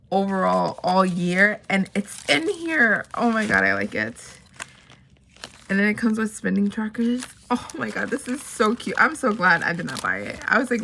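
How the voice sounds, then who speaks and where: An excitable woman gushes over each item she unboxes, talking casually in a mid-pitched voice with a gravelly edge. Paper crinkling and tearing sound behind her in a noisy home recording. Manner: gushing, excitable, lots of "oh my God" and "like". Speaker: unboxing vlogger.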